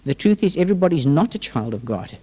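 Animated male preacher in a reverberant hall. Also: a little high, quick pace, breathy edge. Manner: emphatic preaching with a prayer opening. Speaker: pastor. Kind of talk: sermon.

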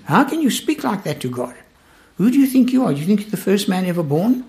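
A man voicing an angry, outraged man who rebukes his friend with forceful, indignant questions during Bible teaching. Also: high-pitched, big pitch swings, fast, voice pushed up.

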